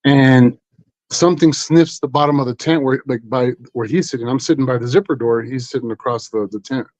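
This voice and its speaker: A man's voice: medium pitch, brisk, a little mellow, no echo. Rambling male storyteller, dull dry audio. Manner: rambling, full of 'you know' and restarts. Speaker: guest. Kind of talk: casual storytelling on a live stream.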